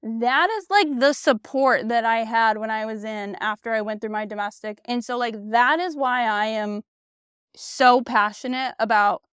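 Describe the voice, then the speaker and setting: A woman's voice: on the high side, fairly bright tone, smooth, no room sound, clean studio sound. Blunt, candid woman on a podcast. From United States. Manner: candid and blunt, swears freely, frequent "like" and "you know". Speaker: podcast host. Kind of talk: casual solo podcast monologue.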